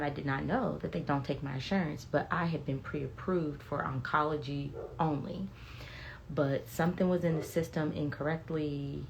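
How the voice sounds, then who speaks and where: Low-voiced woman chatting on a livestream. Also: slight background noise. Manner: candid, animated storytelling with blunt profanity; reads viewer comments aloud. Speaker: beauty vlogger sharing health updates. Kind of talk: casual livestream chat. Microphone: phone livestream.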